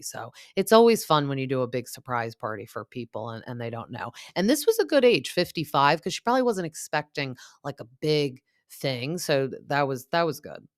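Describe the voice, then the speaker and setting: A woman's voice: extremely low pitch, dry recording, studio quality. Chatty woman recapping reality TV. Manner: chatty, lots of fillers like "like" and "um"; gossipy and opinionated. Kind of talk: casual recap chat.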